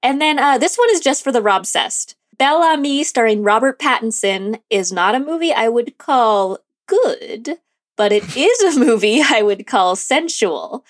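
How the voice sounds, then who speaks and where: A woman's voice: on the high side, expressive, measured pace. Giggly, chatty woman co-host. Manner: giggly, chatty, frequent laughs. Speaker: podcast co-host. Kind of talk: casual movie chat.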